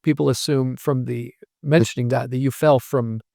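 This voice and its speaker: A male professor speaks in a patient, explanatory way, building his points from everyday examples. His voice has a gravelly edge and sits at an ordinary middle pitch. The recording is dry, with little room sound around him. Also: steady tone, normal speed, dark tone, dry recording. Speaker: language professor as guest. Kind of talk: explanatory interview talk.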